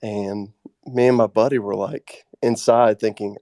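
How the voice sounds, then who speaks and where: A young man tells a story about his older brother, pausing now and then as he finds his words. His voice is low and mellow, and it sounds dry and close, with no room around it. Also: fairly even intonation, no echo. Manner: earnest, halting delivery. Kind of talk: casual storytelling.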